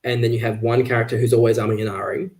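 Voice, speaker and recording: A man of average pitch talks casually as a guest on a livestream, chatty and full of ums and restarts. He comes through a video call mic. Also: flat delivery, very fast, a little mellow. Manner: chatty, many fillers and restarts. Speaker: author guest.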